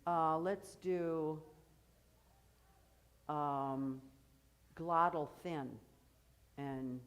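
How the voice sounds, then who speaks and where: A woman's voice: lowish voice, animated, a little slow. A woman coaching a choir through vocal technique, explaining and encouraging as she demonstrates. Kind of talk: rehearsal vocal instruction.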